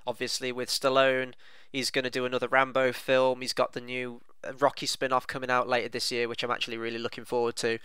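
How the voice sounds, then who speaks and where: A man's voice: mid-range voice, completely flat delivery, fast, pushed and bright, smooth, dry recording. A man co-hosting a casual film review, chatting enthusiastically with plenty of "you know" fillers.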